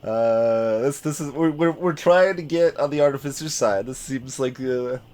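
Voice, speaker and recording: A man's voice: mid-range voice, normal speed, a little mellow. A man streaming a story game, reading its narration aloud and chatting in a self-deprecating way.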